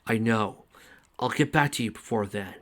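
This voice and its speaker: A man's voice: fairly low pitch, normal speed, lightly acted. A man reading the lines of a cocky, lovestruck young male squirrel hero in a dry, teasing way. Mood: brisk.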